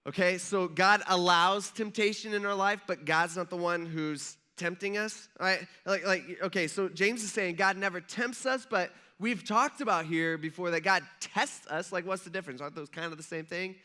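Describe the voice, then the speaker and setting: A male pastor preaching a sermon in a conversational, energetic way, often asking the audience questions. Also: high-pitched, moderate pace, few pauses.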